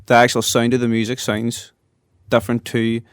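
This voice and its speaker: A man's voice: medium pitch, completely flat delivery, moderate pace, clear, resonant tone, no room sound, studio quality. A man with a Northern Irish Derry accent, a guest rapper in a casual interview chat, often tagging sentences with "lad" and "do you know what I mean". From Derry, Northern Ireland.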